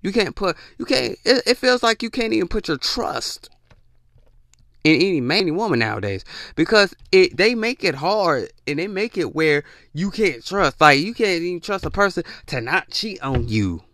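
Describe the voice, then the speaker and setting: A man's voice: moderate pace, dry recording, clean studio sound. A man giving relationship advice in a blunt, profane, preachy rant. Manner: blunt, profane, preachy, lively swings in pitch. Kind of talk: ranting monologue.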